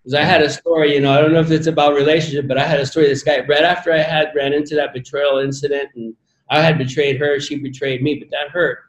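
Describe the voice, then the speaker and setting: A man's voice: a little high, little pitch movement, fast talker. Guy talking earnestly in a casual interview, rambly, emphatic, roomy echo around him. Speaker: podcast guest, former Olympic athlete.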